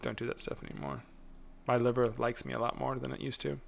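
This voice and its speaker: A man's voice: medium pitch, fairly even intonation, fast talker, creaky. A man hosting a casual livestream chat, rambling along and laughing often. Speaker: host.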